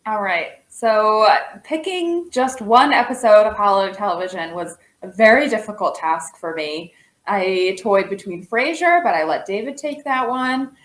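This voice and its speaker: Relaxed woman co-host, echoey room. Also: medium pitch, moderate pace. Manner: relaxed, conversational, some fillers. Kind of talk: casual TV recommendation chat.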